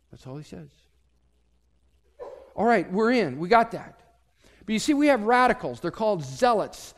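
A man preaching a sermon as pastor, telling a story and swinging from loud to hushed. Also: a little high, expressive, normal speed, pauses often, big-room sound.

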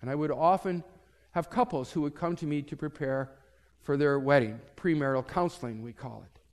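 A man preaching a sermon as pastor, telling a story and swinging from loud to hushed. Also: fairly high pitch, fairly quick, big-room sound.

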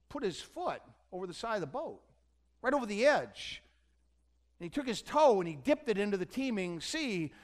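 A high-pitched man preaching to his congregation in a church. He tells the story like a storyteller and keeps dropping in wry jokes and questions to the listeners. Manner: storytelling with humorous asides. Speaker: pastor. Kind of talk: sermon. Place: church sanctuary.

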